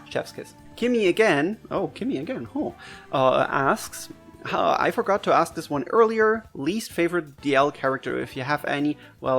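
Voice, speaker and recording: Chatty German-accented man. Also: gravelly. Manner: chatty, laughs easily, pitch jumps high when excited. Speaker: gaming video creator. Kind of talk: casual Q&A.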